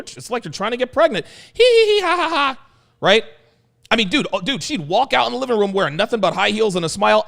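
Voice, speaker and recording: A man hosting a livestream talk show, talking crudely to his chat and swinging between low mutters and excited bursts. His voice sits high for a man and jumps around a lot. It carries a gravelly fry. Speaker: host.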